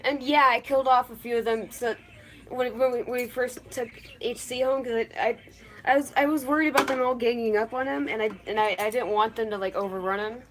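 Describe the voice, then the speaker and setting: Chasing escaped crickets into a cage during a casual stream, this woman gets frustrated, curses, and stumbles over her words with stammering restarts. She talks fairly quickly in a fairly high voice with fairly even intonation, and there's slight background noise.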